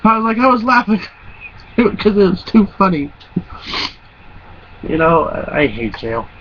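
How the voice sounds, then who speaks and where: Young dude rambling and swearing, slightly high voice, dull recording with a faint hum behind. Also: male voice, very animated, a little slow. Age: around 20. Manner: rambling, profane, laughs through his stories. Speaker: vlogger. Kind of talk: casual storytelling.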